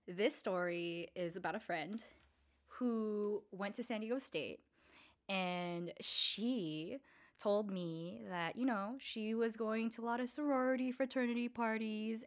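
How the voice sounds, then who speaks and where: Profane, chatty young woman hosting a podcast. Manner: profane, chatty, many fillers; acts out quoted people with shifting pitch and loudness. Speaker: podcast host. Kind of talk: casual storytelling podcast.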